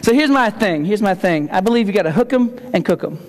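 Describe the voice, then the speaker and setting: A man's voice: sits high, expressive, fast. A man giving a humorous conference keynote, telling stories and repeating key phrases for effect. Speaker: keynote speaker. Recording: long hall reverb.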